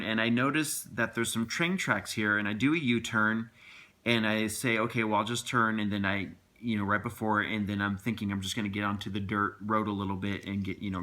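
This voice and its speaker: Earnest rambling man with a bright voice. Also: lowish voice. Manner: rambling and earnest, many restarts and asides. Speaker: father telling a personal story to camera. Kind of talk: casual spoken storytelling.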